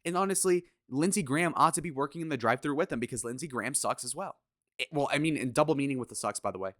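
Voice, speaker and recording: A man's voice: medium pitch, very fast, a bit bright, no echo, clean studio sound. A man giving casual political commentary in a crude, sarcastic, opinionated way, with swearing.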